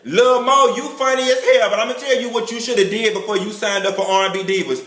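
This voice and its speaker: A man giving a campy, catty review of a reality show, heavy on slang and drawn-out exclamations. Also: sits high, fairly even intonation, a bit bright, roomy sound. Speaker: celebrity gossip vlogger.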